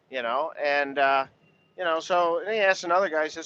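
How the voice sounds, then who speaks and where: Farmer, male, fairly high bright voice, blunt rambling rant, lo-fi dull sound. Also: animated, brisk. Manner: blunt and profane, full of "you know" fillers. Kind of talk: casual rambling monologue.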